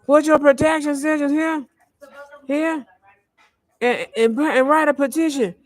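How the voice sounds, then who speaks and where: A man talks in a very high voice, rambling from thought to thought and circling back to repeat himself. The sound is dry and close, with no room echo. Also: fairly even intonation, unhurried, soft background music. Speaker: vlogger. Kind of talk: rambling spiritual monologue.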